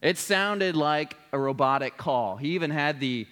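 Preacher telling a story in a big hall. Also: male voice, on the high side, sing-song, normal speed, hardly any pauses, fairly bright tone. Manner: earnest storytelling, building to a solemn appeal. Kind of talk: sermon with personal story. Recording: long reverb of a large hall.

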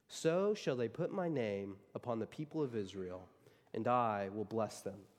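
A man's voice: medium pitch, in a large hall. A man preaching a sermon as a pastor, emphatic and driving his points home by repeating key phrases.

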